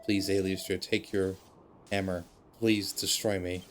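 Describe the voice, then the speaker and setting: Man voicing dying game robot, lowish voice, slow and deliberate, resigned, stuttered repeats. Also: level tone, slight background noise. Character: dying self-sacrificing male robot, gentle and resigned. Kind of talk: reading game dialogue aloud.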